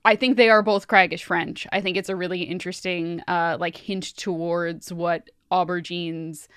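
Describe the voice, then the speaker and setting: A woman's voice: lowish voice, steady tone, moderate pace, fairly bright tone, smooth, dry recording, studio quality. A woman chatting casually on a podcast, musing aloud with many fillers. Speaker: podcast player. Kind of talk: casual chat.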